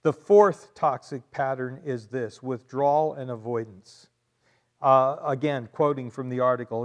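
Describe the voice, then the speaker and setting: A male pastor preaching with emphatic, conversational delivery in a mid-range voice. He repeats key phrases for weight and slips in friendly asides to the people in the church. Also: medium pitch. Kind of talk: sermon.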